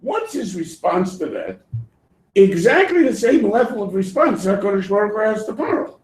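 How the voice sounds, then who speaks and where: A man teaching a Torah class in an animated way, acting out voices and laughing often. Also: high voice, normal speed. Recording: echoey room.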